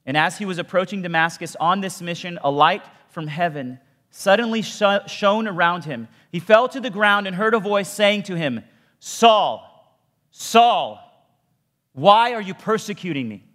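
A man giving a sermon, telling a story in a conversational way with casual asides and dropping low for emphasis. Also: normal speed, sharp tone. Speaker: pastor. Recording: long hall reverb.

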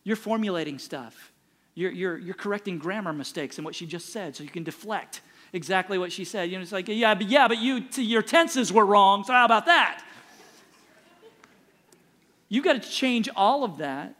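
High-voiced emphatic male preacher. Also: fairly bright tone. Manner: emphatic, repeating phrases for punch. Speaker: pastor. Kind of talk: sermon.

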